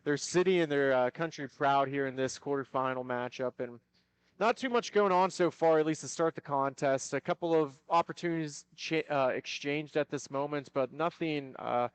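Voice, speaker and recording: A man's voice: a little high, moderate pace, smooth, dry recording. A man doing live play-by-play for a youth hockey game at an arena, steadily explaining the teams and calling the action. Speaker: play-by-play commentator. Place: ice arena broadcast.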